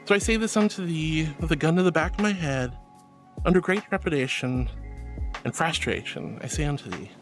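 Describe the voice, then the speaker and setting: A woman's voice: sits low, normal speed, faint music behind. A woman streamer chatting casually on a livestream, playful and theatrical, slipping into grand mock-solemn tones. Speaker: VTuber streamer.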